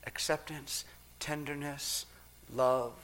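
A man preaching a sermon as pastor, measured and deliberate, with long pauses, dropping soft and then rising loud. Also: fairly high pitch, steady tone.

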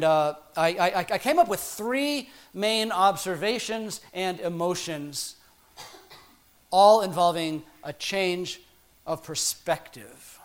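A man's voice: high-pitched, a bit bright. A middle-aged man preaching a sermon in a conversational, playful way, with frequent ums and restarts.

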